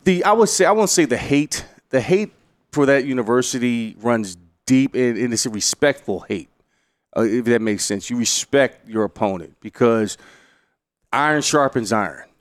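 A middle-aged man, a head coach and former player, telling a story in an interview with lively energy, laughing and acting out quotes loudly. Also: medium pitch, normal speed, no echo.

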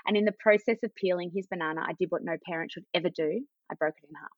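Australian woman, 30s, low voice, dry slightly muffled podcast audio; storyteller. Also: quick pace, dry recording. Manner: warm anecdotal storytelling, acts out quoted dialogue. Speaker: parenting guest, parent educator. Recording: dull, slightly lo-fi dry sound.

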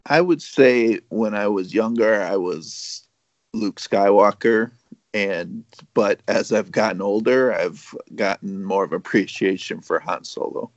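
Man guest, lowish voice, brief unhurried answers, dry audio. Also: dry recording, lo-fi sound. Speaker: podcast guest. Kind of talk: casual chat.

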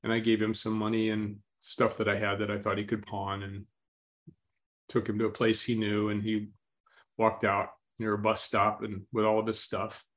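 A man telling a story as an interview guest, speaking slowly and calmly and clearing his throat often. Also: on the low side.

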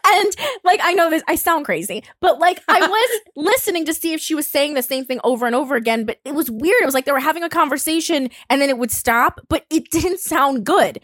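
A woman in her thirties telling a story in casual chat, animated and swearing freely. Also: high voice, a little fast, hardly any pauses, dry recording, clean studio sound. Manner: animated, swearing, voices others in quotes. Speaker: storyteller on a podcast.

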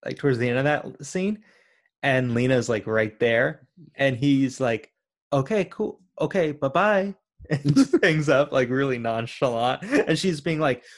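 A man's voice: mid-range voice, unhurried. A man co-hosting a casual film chat, asking questions and laying out theories with many "uh" and "like" fillers. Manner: inquisitive, builds up theories with hesitant fillers. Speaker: podcast co-host.

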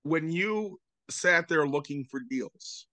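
A man's voice: a little high, lively intonation, slow pace, pushed and bright, no room sound. A man in casual podcast chat who steers the talk with short prompts and questions.

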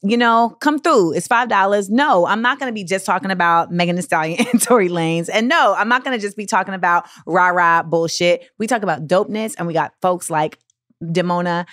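A woman podcast host in casual chat, animated and laughing often. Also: lowish voice, a little fast, dry recording, clean studio sound.

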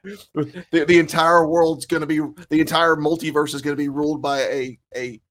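A man with a Southern US accent from south Alabama, co-hosting a casual podcast chat, animated, laughing often and restarting his sentences. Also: a little high, normal speed. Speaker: podcast co-host.

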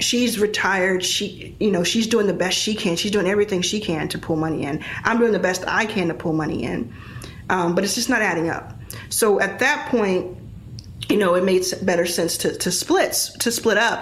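A woman's voice: on the low side, normal speed. A woman in her forties, an investor guest, telling her story in a candid, reflective way. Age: 40s. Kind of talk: casual interview storytelling.

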